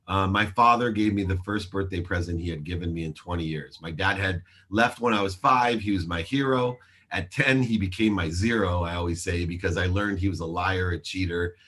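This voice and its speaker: A man's voice: sits low, a bit bright. A man in his forties, a show host, telling his life story in an interview with earnest, emphatic delivery and acted-out dialogue.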